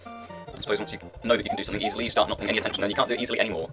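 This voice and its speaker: A man's voice: lowish voice, wildly swooping pitch, very fast, over music. A man giving rambling, self-mocking commentary while he plays a video game, talking half to himself. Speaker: let's play gamer.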